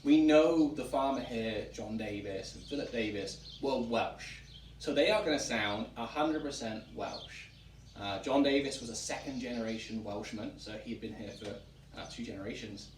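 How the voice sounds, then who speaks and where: A man from England hosting a relaxed chat, explaining at length with frequent ums. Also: mid-range voice, normal speed. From England (Wiltshire). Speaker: museum director and host. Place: historic tavern room, indoors. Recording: roomy, distant mic, faint background noise.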